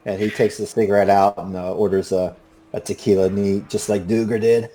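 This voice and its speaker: A man's voice: fairly low pitch, brisk. Laid-back male game master. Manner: relaxed, many fillers. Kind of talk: narrating a tabletop game.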